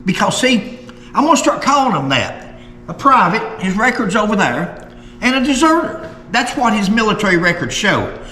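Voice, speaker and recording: A man's voice: high-pitched, very animated, pushed and bright. Folksy man in an echoey room. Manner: folksy, opinionated, slows down for emphasis. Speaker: history show host. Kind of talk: casual history talk, reading old articles aloud. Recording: echoey room with long reverb.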